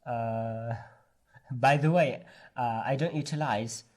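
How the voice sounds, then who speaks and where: Slow, hesitant male teacher. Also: mid-range voice, a little mellow. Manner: hesitant, many ums and uhs. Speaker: English teacher. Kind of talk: screen-share tutorial.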